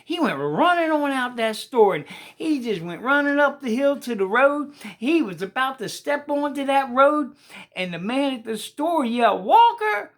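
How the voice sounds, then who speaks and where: A woman's voice: high-pitched, animated, moderate pace. A woman telling a children's story in a folksy, colloquial way and speaking straight to the young listeners.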